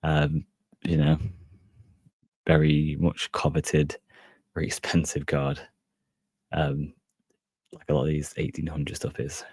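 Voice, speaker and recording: A podcast host with an extremely deep, husky voice, talking in a flat, rambling way full of fillers and hedges. The sound is dry and close, with no room around it. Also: male voice, slow pace, pauses often, dry recording. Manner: rambling, hedging with many fillers. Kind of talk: casual solo podcast chat.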